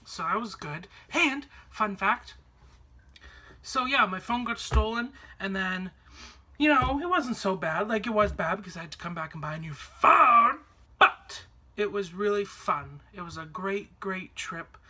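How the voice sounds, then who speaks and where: Bright-voiced man telling stories. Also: high-pitched, animated, a little slow. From Canada. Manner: chatty, rambling, with many fillers and restarts. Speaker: vlogger. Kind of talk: casual storytelling to camera.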